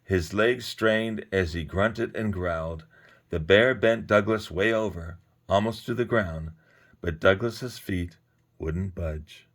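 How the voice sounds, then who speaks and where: Reading a children's tale slowly, a deep-voiced man brings it to life with animated expression. He leans into words with playful, lively stress.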